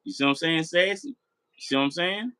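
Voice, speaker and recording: A man's voice: fairly high pitch, lively intonation, quick pace, bright, forceful tone, clear, resonant tone, no room sound, rough recording. A man hosting a late-night live chat, rambling, repeating himself and swearing as he talks straight to his viewers. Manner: rambling, repetitive, profane. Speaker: live stream host.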